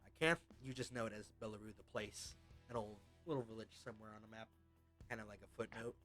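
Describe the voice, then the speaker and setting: Guy running a tabletop game, bright voice, faint music behind. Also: on the low side, fast. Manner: loose, filler-heavy narration. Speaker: game master.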